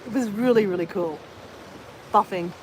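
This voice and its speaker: A woman's voice: mid-range voice, normal speed, darkish tone, a little hiss or hum, poor audio. Rambling Australian woman vlogger. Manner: rambling, many fillers and restarts; exercising while talking. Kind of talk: casual chat to live viewers.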